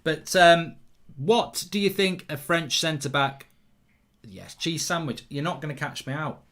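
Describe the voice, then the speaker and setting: Bright, excitable football host. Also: male voice, on the high side, measured pace. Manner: chatty, excitable, rambling, reads out viewer comments. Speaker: host of a live football watchalong. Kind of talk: live football watchalong commentary.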